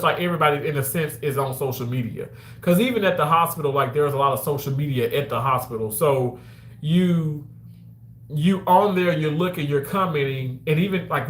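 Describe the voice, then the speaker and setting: A man chatting casually with his viewers on a livestream, animated and quick to exclaim. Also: on the high side, echoey room.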